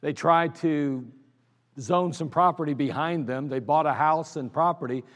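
A man with an Ohio accent preaches to his congregation about the church's early years, telling stories with lively energy and laughing at them. His voice sits slightly high for a man. The service recording carries the long reverb of a church hall. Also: a little slow. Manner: animated storyteller, laughs at his own stories. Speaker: pastor. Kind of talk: anniversary sermon storytelling. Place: church sanctuary.

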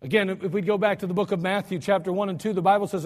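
An American male pastor preaching a storytelling sermon, swinging between soft asides and loud cries. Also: high-pitched, steady tone, rapid-fire, few pauses. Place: church sanctuary. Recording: church hall reverb.

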